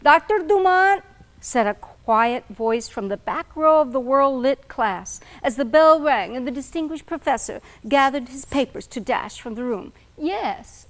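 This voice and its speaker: A woman author talking to students and reading her own fiction aloud, in a deliberate storytelling manner. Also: on the high side. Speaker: author giving a talk to students. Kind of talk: lecture and dramatic reading. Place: San Antonio event.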